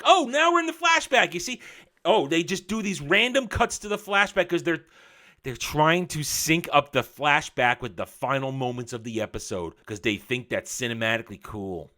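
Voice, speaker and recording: A man ranting angrily in a show review, sarcastic and mocking, swinging from loud outbursts to low muttering. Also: very animated, moderate pace.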